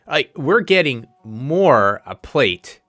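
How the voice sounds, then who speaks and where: A man's voice: mid-range voice, very animated, takes it slowly, bright, forceful tone, no room sound. A man giving casual, rambling commentary as he plays a game, thinking aloud and chuckling to himself. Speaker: let's play host.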